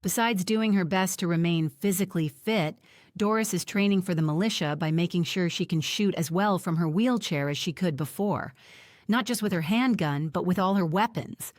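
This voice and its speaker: A woman narrating a first-person audiobook in a steady, reflective way. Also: on the low side, normal speed, dry recording.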